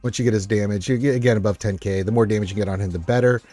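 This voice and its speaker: A man's voice: on the low side, fairly even intonation, racing, warm tone, soft background music. Upbeat rambling male stream host. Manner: rambling, upbeat, many fillers. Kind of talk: casual live-stream chat reading viewer comments.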